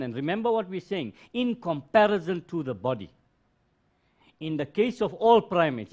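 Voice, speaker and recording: A man teaching biology on a live stream, explaining slowly and repeating key terms with rhetorical questions. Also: a little high. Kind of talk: live-streamed classroom lesson.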